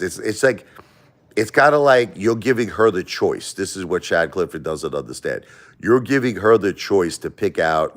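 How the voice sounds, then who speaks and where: A deep-voiced man with an East Coast American accent hosts a casual live stream at home beside a Christmas tree. Sick for a few days, he talks emphatically and repeats himself, swinging between loud protest and soft blessings.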